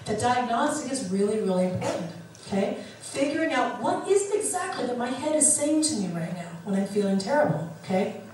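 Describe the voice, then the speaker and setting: A middle-aged woman therapist talks animatedly, acting out the voices she quotes. Her voice sits a little high. She is recorded from off the mic in a very echoey room with faint background noise. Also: sing-song, fairly quick, darkish tone, far from the mic. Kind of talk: teaching talk on self-talk.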